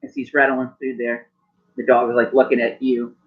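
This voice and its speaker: A man's voice: medium pitch, little pitch movement, normal speed. A man running a tabletop game as game master, narrating in a rambling way. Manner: rambling, many restarts and fillers. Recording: muffled lo-fi recording.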